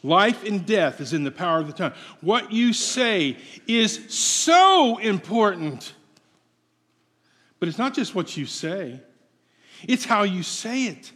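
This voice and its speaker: A male pastor delivers a sermon at an unhurried pace, his slightly raised voice ringing through a long hall reverb. He preaches in a playful, conversational way and keeps asking his congregation questions. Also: high-pitched, expressive, fairly bright tone, slightly rough.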